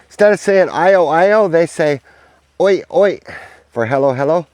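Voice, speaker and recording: A man doing a rowdy, playful mock-Australian bloke, shouting slang greetings. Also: fairly high pitch, expressive, a little fast, no room sound, lightly acted.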